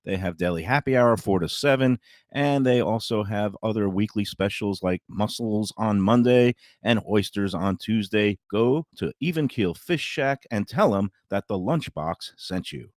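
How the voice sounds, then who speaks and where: A man's voice: on the low side, lively intonation, unhurried, no echo, clean studio sound. A man reading upbeat restaurant advertisements on a talk show. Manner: upbeat, promotional. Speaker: radio show ad reader. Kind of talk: read-out restaurant ads.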